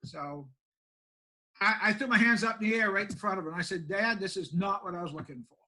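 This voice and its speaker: An older man spins a folksy yarn as a country pastor, plainspoken and quick to poke fun at himself. His voice sits high for a man and rings bright and clear. He talks like a down-home storyteller sitting across from an interviewer. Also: poor audio. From Maine, USA. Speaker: pastor and homeless shelter director.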